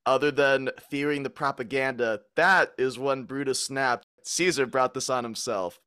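A man's voice: mid-range voice, steady tone, normal speed, sharp tone, clear, resonant tone. A man hosting a casual podcast chat, asking the others questions in a hesitant way.

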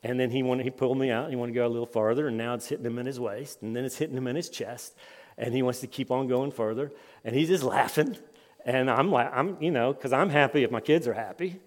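A man in his fifties giving a conference sermon, telling personal stories with lively rises and drops in his voice. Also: mid-range voice, quick pace. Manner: lively storytelling, voice rising and dropping with the tale. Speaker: conference speaker. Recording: long hall reverb.

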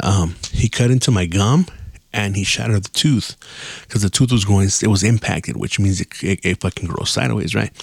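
Gravelly-voiced man ranting casually. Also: fairly low pitch, darkish tone, no echo. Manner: profane, rambling, laughs often. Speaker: podcast host. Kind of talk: casual storytelling rant.

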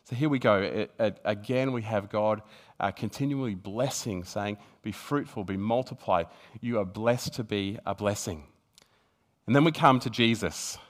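At normal speed and in a lowish voice, a man preaches earnestly, frequently restarting. Scripture passages are read aloud during his talk, which rises to emphatic peaks.

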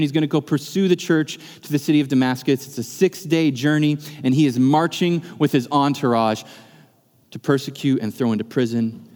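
A man's voice: fairly high pitch, a little mellow. A male pastor preaching a sermon in a church, earnest and building to impassioned emphasis. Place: church sanctuary. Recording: long reverb of a church hall.

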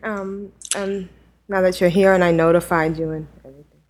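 A woman hosting a casual chat podcast, talking chattily, giggling and pausing on fillers. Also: fairly low pitch, fairly even intonation, a little mellow. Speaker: podcast host.

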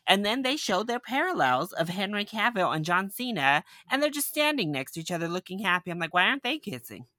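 A man reviewing a film in casual chat, ranting with animated exasperation. His voice is bright and forceful. The sound is dry and close. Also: sits high, fairly quick, no echo. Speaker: movie reviewer.

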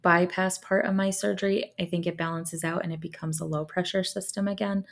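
A young adult woman co-hosting a podcast in casual chat, talking quickly and laughing often. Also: fairly low pitch, flat delivery, creaky. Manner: chatty and bubbly, laughs often. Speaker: podcast co-host.

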